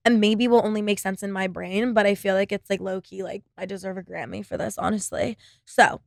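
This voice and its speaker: A woman's voice: medium pitch, gravelly, dry recording, studio quality. A young woman hosting her own podcast, talking alone in a blunt, profane, rambling way with constant fillers. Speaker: podcast host. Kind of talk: casual solo podcast monologue.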